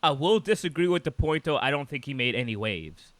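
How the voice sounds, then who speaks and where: A man co-hosting a podcast in casual chat, animated and rambling, with lots of "like"s and restarts. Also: mid-range voice, a little fast, no echo. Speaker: podcast co-host.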